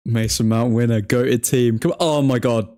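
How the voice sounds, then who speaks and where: A man's voice: mid-range voice, steady tone, normal speed, mellow. A man hosting a football watchalong, reacting live to the match in chatty fan talk full of slang. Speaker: watchalong host.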